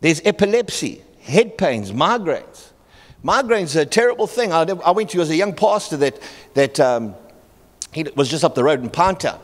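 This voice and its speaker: A middle-aged man preaching a sermon, telling stories with halting restarts and acting out the people in them. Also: a little high, sing-song. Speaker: pastor. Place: church hall. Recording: long reverb in a church hall.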